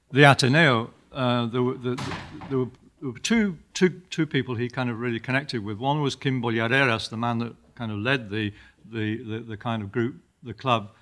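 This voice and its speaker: An older man giving a university lecture, halting often with fillers and repeated words as he reads passages aloud. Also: medium pitch, a bit bright.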